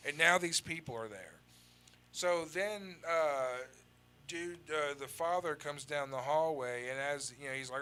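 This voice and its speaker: A man tells a story in loose, profane talk with a bright, pushing edge to his voice. He slips into the voices of the people he quotes. A faint hum of noise sits under him. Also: a little high, normal speed. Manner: animated, acts out quoted dialogue. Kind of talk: casual storytelling with heavy swearing.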